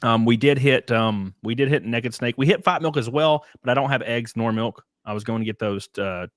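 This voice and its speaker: A man's voice: medium pitch, brisk, dry recording, clean studio sound. A man with a Southern American accent hosting a casual livestream chat, laid-back and rambling, laughing often. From Southern United States. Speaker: podcast host.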